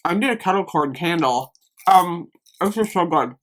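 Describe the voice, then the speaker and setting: Woman host of a casual haul vlog; chatty, rambling, quick to gush, pitch jumping all over. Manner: gushing, rambling, easily excited. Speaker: beauty and lifestyle vlogger.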